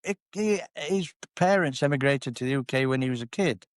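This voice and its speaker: A man's voice: medium pitch, lively intonation, moderate pace, dry recording, clean studio sound. Wry older Yorkshire man. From Yorkshire, England. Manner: wry, self-deprecating anecdotes. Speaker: guest, singer and comedian. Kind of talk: casual interview storytelling.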